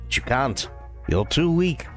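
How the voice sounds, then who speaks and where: A man's voice: mid-range voice, big pitch swings, measured pace, faint music behind, pitched below the performer's own voice. A man doing a grave old martial arts master. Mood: solemn, cryptic.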